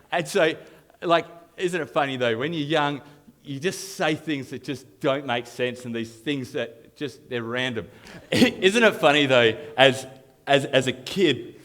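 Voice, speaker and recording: An Australian man giving a humorous live youth talk, telling self-mocking stories in an animated way and chuckling often. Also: mid-range voice, takes it slowly. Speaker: youth leader. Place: live youth event on stage.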